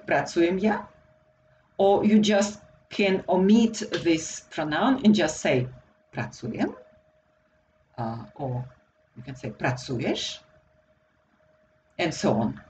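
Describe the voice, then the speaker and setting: Slovak-accented woman teacher, slow patient drills, faint room hum behind. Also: lowish voice, expressive, darkish tone, poor audio. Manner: slow and deliberate, repeating words for learners. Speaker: language teacher. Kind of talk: slow grammar lesson for beginners.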